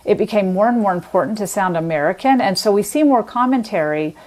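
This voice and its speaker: A woman guest explains in measured, thoughtful sentences, like an expert unpacking a topic in conversation. She pauses now and then with small fillers but keeps an even, mid-range voice throughout. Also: medium pitch. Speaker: linguist guest.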